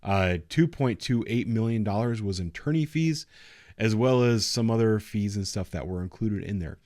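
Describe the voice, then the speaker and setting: A man's voice: fairly low pitch, moderate pace, darkish tone, dry recording, clean studio sound. A man in his thirties, a patrol officer, giving blunt, sarcastic and profane casual commentary. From United States.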